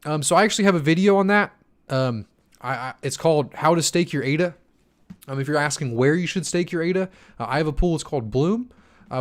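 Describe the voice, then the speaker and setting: Young guy running a livestream q&a, kinda tired, rambly, lots of ums and restarts. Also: medium pitch. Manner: loose and chatty, many fillers and restarts. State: tired from poor sleep. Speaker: crypto channel host answering chat. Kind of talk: casual live-stream Q&A.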